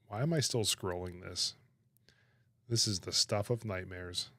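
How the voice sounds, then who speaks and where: A man chatting on his livestream, animated and laughing, protesting in exaggerated disbelief. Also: on the low side, normal speed, no echo. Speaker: streamer reacting to chat. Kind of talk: casual livestream chat.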